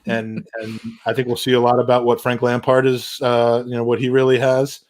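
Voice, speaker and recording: A man's voice: medium pitch, completely flat delivery, moderate pace. A man hosting a casual football podcast, rambling with many restarts and dry, wry humor. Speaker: podcast host.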